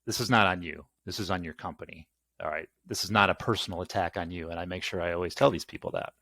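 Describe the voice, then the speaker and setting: Brief: man, low voice, profane exasperated ranter, dry close sound. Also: steady tone, fast, sharp tone, no echo. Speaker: channel host. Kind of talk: casual ranting monologue.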